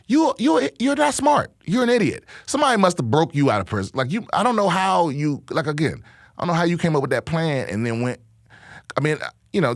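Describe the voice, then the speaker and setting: A high-pitched man, a comedian hosting a podcast, rambles through a profane, funny rant in an offhand monologue, restarting often. The recording is clean studio sound with no room noise.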